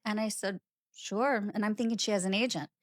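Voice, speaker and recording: A woman real estate agent telling a lively personal story in casual conversation, acting out quoted dialogue. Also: medium pitch, no echo, clean studio sound. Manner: animated, fast-talking anecdote with quoted dialogue.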